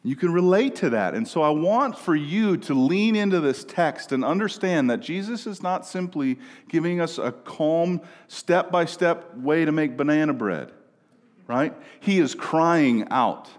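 A man from Minnesota preaching a sermon in a conversational way, often asking "right?" and moving between quiet and loud passages. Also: a little high, expressive, unhurried. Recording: long reverb of a large room.

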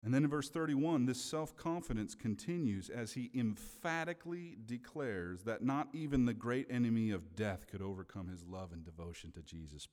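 A male preacher delivering a sermon in a relaxed, conversational way, regularly pausing to check in with his listeners. His voice sits at an ordinary male pitch. A long reverb trails each phrase, as in a large hall.

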